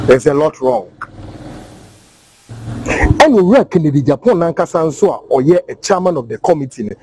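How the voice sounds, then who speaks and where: A man's voice: high voice, darkish tone, slightly rough, no echo, poor audio. A man with a Ghanaian accent giving fiery political commentary, mixing in rhetorical questions. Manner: fiery, switching between English and Twi, rhetorical questions. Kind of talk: impassioned commentary.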